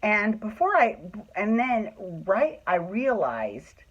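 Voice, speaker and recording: A man's voice: high voice, wildly swooping pitch, takes it slowly, a bit bright, lo-fi sound. A man telling a personal story in a casual, chatty way, swearing freely and acting out what people said. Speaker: storyteller host.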